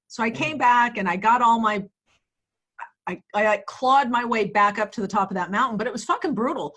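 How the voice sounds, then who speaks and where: A woman in her forties, a real estate agent and coach, telling stories in a lively, profane, laughing way from her office in a casual interview. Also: a little high, breathy edge. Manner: animated, profane, laughing storyteller.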